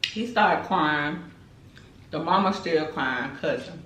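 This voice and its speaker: A woman's voice: sits low, slow, roomy sound, a little hiss or hum, rough recording. A woman tells a dramatic story in casual chat while eating on camera. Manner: animated, chatty, dramatic retelling. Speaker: mukbang host.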